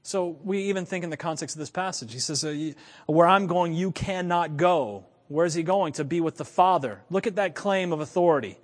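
A man preaching a sermon, animated, chuckling and repeating lines for emphasis. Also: on the high side, fairly quick, few pauses. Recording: long reverb of a large hall.

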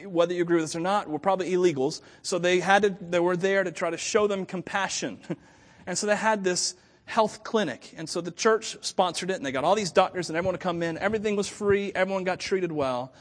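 A man preaching a storytelling sermon, animated, with frequent chuckles and stammered restarts. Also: high voice, a little fast. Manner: chuckles often while talking.

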